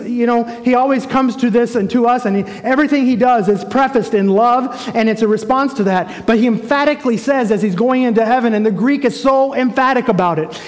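A male pastor delivers an emphatic sermon in a high, light voice. He builds his points through repetition and rhetorical questions aimed at the congregation. A long reverb trails each phrase as it carries through a large church sanctuary.

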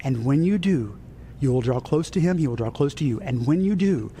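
A male pastor delivering a sermon, rising to soaring high phrases and dropping to hushed near-whispers. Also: lively intonation, a little fast, a little hiss or hum.

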